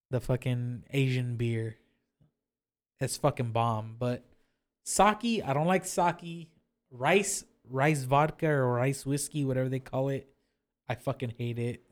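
A man's voice: medium pitch, slow pace. A young man co-hosting a podcast in casual chat, swearing freely and laughing easily. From Mexican-American. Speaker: podcast co-host.

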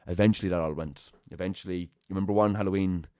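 A young man, hosting a podcast and telling an animated story in casual chat. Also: low-pitched, fast talker, clean tone, dry recording. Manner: animated anecdote-telling with acted-out quotes and laughter. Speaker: podcast host.

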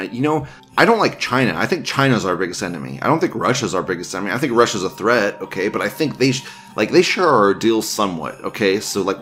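A low-voiced man hosts a casual online news show, reading posts aloud and reacting with a lively, swinging pitch. He laughs often, swears freely and turns sarcastic, with faint music behind. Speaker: news commentary host.

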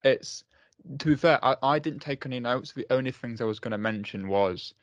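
A man's voice: medium pitch, moderate pace, no room sound, highs cut off. A man co-hosting a casual film podcast, offhand and agreeable, often giving brief replies. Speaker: podcast co-host.

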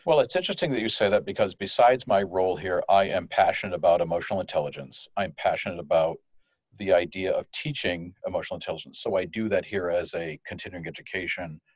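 A man from France, a guest in an interview, explaining in a lively way and acting out the phrases he quotes. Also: low-pitched, fast talker, breathy edge, no room sound. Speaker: guest, customer service manager. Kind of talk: conversational interview.

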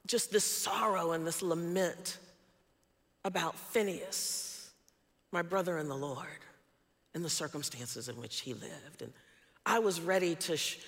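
A woman's voice: fairly low pitch, a bit bright, long reverb tail. A woman preacher telling a personal story in a sermon, earnest and emphatic.

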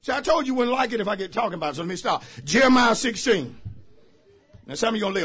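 A man preaching a sermon as pastor. He drives his points with shouted phrases and repeated calls to the congregation. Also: sits high, sing-song, quick pace, breathy edge. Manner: emphatic call-and-response preaching, shouting key phrases. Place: church service.

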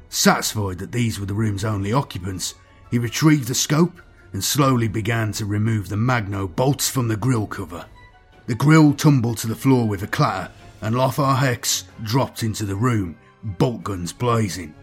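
A man narrating a dark science-fiction story in a measured, grim storytelling manner. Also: medium pitch, husky. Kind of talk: scripted dark sci-fi story reading.

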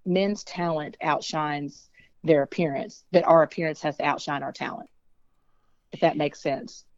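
A woman's voice: sits low, steady tone, a little slow, dry recording, lo-fi sound. A woman singer speaking as an interview guest, chatty and frank, with many fillers. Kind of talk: casual interview talk.

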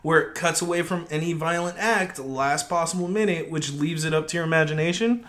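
A man's voice: a little high, brisk, a bit bright. A man co-hosting a casual film podcast, chatty and joking, laughing often and swearing casually. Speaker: podcast co-host.

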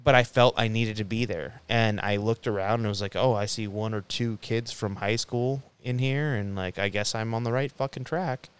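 A young man with a low, smooth, resonant voice tells a story in a loose, profane way. He rambles and restarts often as he talks at a podcast round table. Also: moderate pace, few pauses. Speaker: podcast co-host. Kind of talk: casual round table chat.

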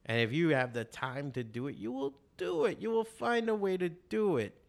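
This is a gravelly, fairly high male voice at a moderate pace, belonging to a middle-aged man who runs an art shop and draws comics. On a laid-back podcast, he swears his way through lively stories about drawing and passion.

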